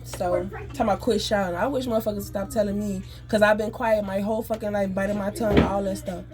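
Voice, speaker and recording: A woman venting in an angry, profane, rapid rant. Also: medium pitch, fairly even intonation, noisy background. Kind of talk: emotional venting monologue.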